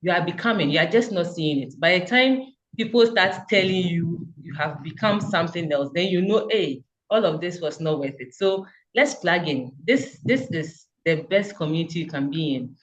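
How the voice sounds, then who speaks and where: A woman's voice: lowish voice, animated, moderate pace, hardly any pauses, highs cut off. Earnest woman giving a fervent testimonial. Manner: fervent, repetitive, encouraging. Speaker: community member giving a testimonial. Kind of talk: earnest motivational speech.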